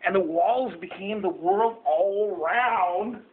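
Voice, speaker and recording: A man with a high voice reads slowly from a picture book to his young son at home. He's animated, playful and coaxing, stopping to point at pages and roar, and the home video has a tinny, phone-like sound.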